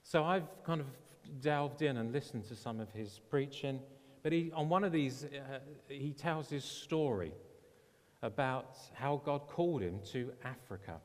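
A man's voice: mid-range voice, unhurried. A man preaching as a pastor, earnestly retelling a story and quoting the people in it. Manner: earnest, retells stories with quoted voices. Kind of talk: sermon storytelling. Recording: long hall reverb.

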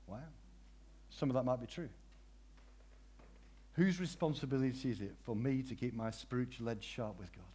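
A man preaching a sermon, swinging from hushed, prayerful phrases to loud cries and repeating his questions for emphasis. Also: medium pitch, normal speed, pauses often, husky.

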